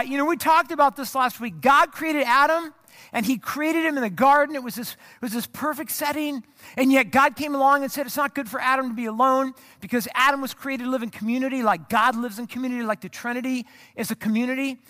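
Telling a self-mocking story from the pulpit, an American pastor with a very high voice chats loosely with his congregation. His sound is bright and forward, and the sermon feels casual.

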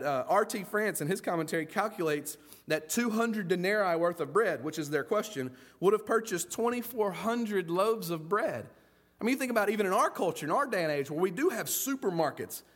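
High-voiced man preaching a lively sermon. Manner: lively and folksy, acts out quoted voices. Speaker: pastor.

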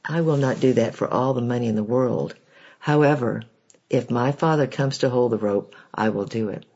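A man's voice: medium pitch, moderate pace, a little mellow, lightly acted. A man reading the lines of a young boy who firmly refuses a dangerous climb. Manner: firm, earnest refusal. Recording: dull lo-fi recording.

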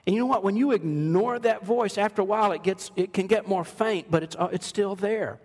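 A man's voice: high-pitched, a little fast. A middle-aged man giving a sermon as pastor, conversational and joking, acting out quoted voices. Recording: long reverb of a large hall.

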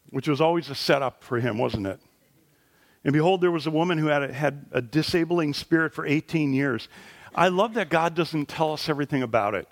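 Animated male pastor preaching a sermon. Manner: animated preaching, rising pitch and volume at high points. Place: church sanctuary.

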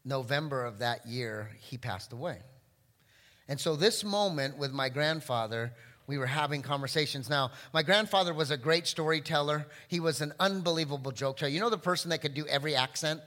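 A man's voice: a little high, a little fast, big-room sound. A middle-aged man preaching a sermon as pastor, telling a personal story to his congregation. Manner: storytelling, animated then quiet and tender. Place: church sanctuary.

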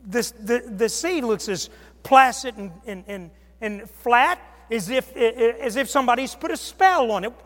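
A man preaching a sermon in an animated way, swinging between loud outbursts and soft asides as he acts out the people in his story. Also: extremely high pitch, measured pace, in a large hall.

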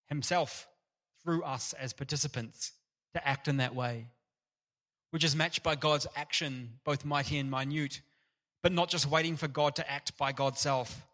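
A man preaching an earnest, animated sermon in a church. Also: fairly high pitch. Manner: earnest, animated, acts out parable voices.

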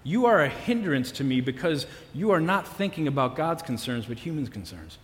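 A man preaching a sermon as pastor, earnest and emphatic, with dramatic pauses in a church worship center. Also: a little high, sing-song. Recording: long hall reverb.

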